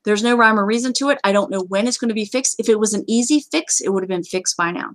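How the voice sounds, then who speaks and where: A woman's voice: mid-range voice, fast talker, few pauses, no echo. A woman hosting a casual gaming chat, talking in a chatty, joking way with sudden exclamations. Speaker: game community host.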